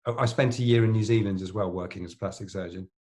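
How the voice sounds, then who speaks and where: A man's voice: fairly low pitch, fairly even intonation, quick pace, mellow. A middle-aged man, a plastic surgeon co-hosting a podcast, telling long anecdotes in casual chat with lots of fillers and restarts.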